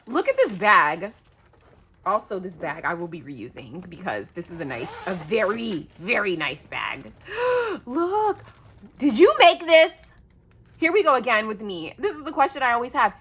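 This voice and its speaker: A middle-aged woman vlogs an excited craft-mail unboxing in a lowish, husky voice that is bright, forceful and animated, at a moderate pace. She gushes, exclaims often and calls her viewers "you guys."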